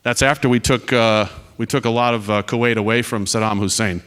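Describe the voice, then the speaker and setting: A man's voice: medium pitch, fairly even intonation, a little fast, a bit bright, clean tone. Earnest retiring airman giving a talk. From United States. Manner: earnest, direct and storytelling, with wry asides. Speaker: panel speaker, retiring Air Force officer. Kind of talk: speech to students with slides.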